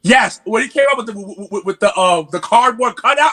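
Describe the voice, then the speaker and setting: High, bright-voiced New York man. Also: a little fast, husky. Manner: animated, stammering restarts. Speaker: podcast guest. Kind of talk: casual chat.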